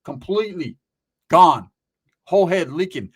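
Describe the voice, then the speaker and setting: A man telling a story in casual chat, animated and profane, full of street slang and shouted sound effects. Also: on the high side, a little slow, slightly rough.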